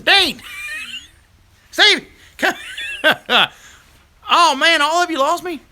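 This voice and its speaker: Host, middle-aged man, high and piercingly bright voice, folksy live-stream banter. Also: extremely slow, slight background noise. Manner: folksy, chatty, laughs easily. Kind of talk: casual live stream chat with viewers.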